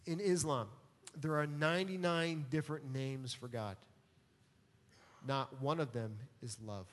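A man's voice: medium pitch, fairly even intonation, a little slow. A man preaching a sermon as pastor, earnest and emphatic, calling on the congregation to answer back. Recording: long hall reverb.

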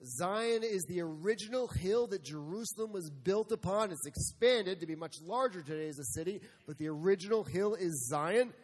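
A man's voice: sits high, expressive, moderate pace, hardly any pauses, big-room sound. A male pastor preaching a sermon, emphatic and full of rhetorical questions, sometimes acting out God's voice. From United States. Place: church sanctuary.

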